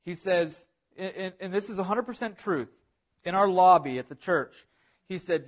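A man's voice: sits high, moderate pace. A man preaching a sermon, earnest and repetitive, building emphasis on key phrases. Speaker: pastor.

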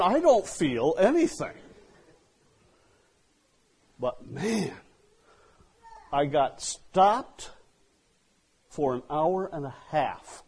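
A man preaching a sermon in an unhurried, husky voice. He tells his story with big swings in volume, rising to loud outbursts and then dropping to near-hushed asides. He sounds like a pastor speaking to his congregation. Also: fairly high pitch.

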